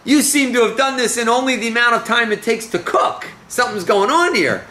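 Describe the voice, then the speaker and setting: A man voicing an old blind father who is puzzled and suspicious, talking in animated exclamations. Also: on the high side, brisk, a little hiss or hum, pitched above the performer's own voice.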